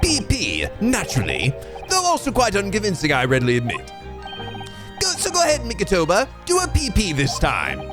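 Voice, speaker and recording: A man's voice: high-pitched, huge pitch swings, normal speed, over loud music, pitched above the performer's own voice. A man putting on a smug, lofty detective. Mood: teasing. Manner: theatrical, grand and teasing. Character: pompous eccentric male detective, quick-witted and smug.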